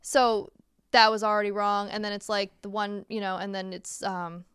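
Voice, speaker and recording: A woman co-hosting a laid-back podcast, her voice smooth and clear at a middle pitch. She chats loosely, circles back with fillers and restarts, and breaks into laughs often. The sound is close and dry. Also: little pitch movement, normal speed, fairly bright tone, dry recording. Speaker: podcast co-host. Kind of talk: casual podcast chat.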